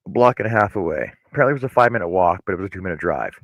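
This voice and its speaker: A man's voice: deep voice, lively intonation, racing, creaky, dry recording, highs cut off. A man co-hosting a casual chat show, telling a long story with many restarts and repeated words. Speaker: co-host.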